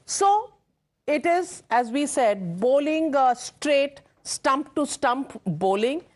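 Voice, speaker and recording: Brisk Indian woman news anchor. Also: high voice, sing-song, darkish tone. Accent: Indian English. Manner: brisk, steering the discussion between guests. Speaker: news anchor moderating a panel. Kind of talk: live TV panel debate.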